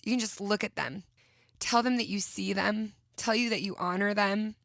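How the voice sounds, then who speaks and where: A woman in her thirties hosting a self-help podcast, talking gently and encouragingly as she guides listeners through a visualization. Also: medium pitch, steady tone, creaky, no room sound, clean studio sound. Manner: gentle, encouraging, slowing into soft whispered visualizations. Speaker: podcast host.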